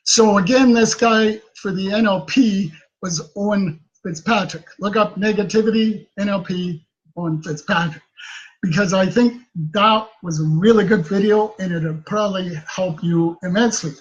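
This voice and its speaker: A man's voice: sits high, normal speed, dull audio. A man giving casual self-help advice to the camera, chatty and tagging many sentences with a questioning "right?". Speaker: self-help video host.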